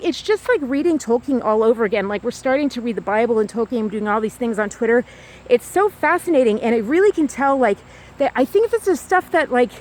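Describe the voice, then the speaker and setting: A woman with a high voice talks to her viewers while walking outdoors. Her speech wanders from point to point, stacked with fillers and false starts, and is picked up on a handheld phone. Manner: rambling, loose, full of fillers and restarts. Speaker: vlogger. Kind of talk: rambling walking vlog.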